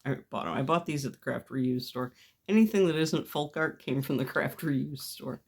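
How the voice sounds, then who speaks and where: In her home craft studio, a mixed media artist talks through a gel plate printing project as she works. Her voice is rumbling low, a little mellow and slightly rough, at a moderate pace, and she's chatty and self-deprecating, often laughing at herself.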